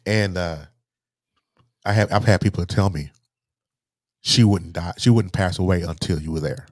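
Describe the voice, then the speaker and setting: A man, a guest telling a painful personal story in a halting way, repeating words, his voice sinking low and soft. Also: no echo, studio quality. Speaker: interview guest.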